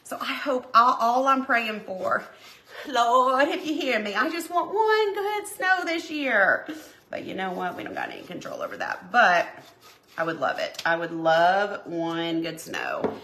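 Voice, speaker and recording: A woman's voice: mid-range voice, big pitch swings, a little slow, creaky, pushed and bright. A woman in her forties with a Tennessee accent, hosting a craft live stream and chatting folksily as she reads out viewer comments. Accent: Southern US, Tennessee. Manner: chatty and folksy, with lots of filler words. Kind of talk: casual chat reading live comments.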